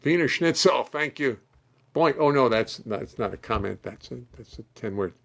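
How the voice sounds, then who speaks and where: A man's voice: mid-range voice, lively intonation, normal speed, creaky, fairly bright tone. A male musician hosting a live stream from his studio, chatting playfully and reading out viewers' comments. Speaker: musician and host. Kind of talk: casual chat on a live stream.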